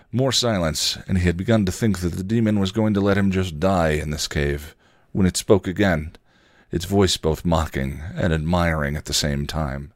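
A man hosting a podcast, reading a story aloud in a steady, even way. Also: low-pitched, moderate pace, hardly any pauses, no room sound, clean studio sound. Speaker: podcast host and story reader. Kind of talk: storytelling narration.

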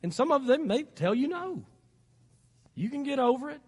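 A male pastor with a Southern accent delivers a folksy, exhorting sermon. His voice sits very high for a man. The sound carries a long reverb from the church sanctuary. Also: big pitch swings, moderate pace. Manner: folksy and exhorting, rising to emphatic peaks.

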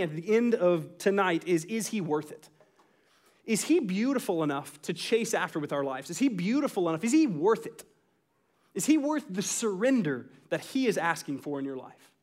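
Man, thirties, high voice, sermon, lively storytelling, acts out quotes. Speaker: pastor.

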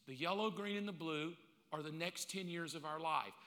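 A male pastor preaching a sermon in a blunt, animated way, acting out bits of dialogue as he goes. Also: a little high, moderate pace. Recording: long reverb of a large hall.

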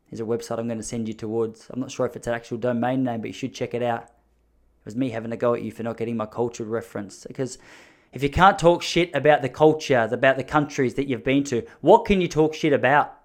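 A man's voice: mid-range voice, brisk. An Australian man from Melbourne giving a rambling, self-mocking comedic monologue, blunt and sprinkled with swearing.

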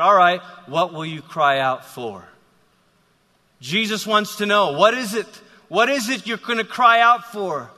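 A man's voice: high-pitched, animated, measured pace, sharp tone. A man preaching a sermon, telling a story animatedly with frequent restarts. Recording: long hall reverb.

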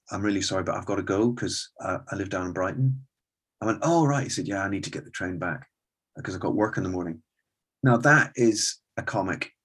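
A middle-aged man, a stand-up comedian and club owner, telling animated anecdotes in an interview and acting out the conversations he recalls. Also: low voice, husky. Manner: animated storyteller, acts out quoted exchanges.

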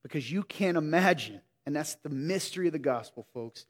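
A man preaching a sermon in a conversational way, swinging between emphatic lines and hushed ones. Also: on the high side, animated, brisk. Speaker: pastor. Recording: reverberant hall.

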